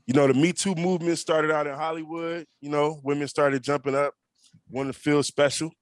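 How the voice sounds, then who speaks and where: A man's voice: fairly high pitch, flat delivery, fairly quick. Man co-hosting, echoing the host. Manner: joking, echoes the host. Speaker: podcast co-host. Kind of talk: casual chat.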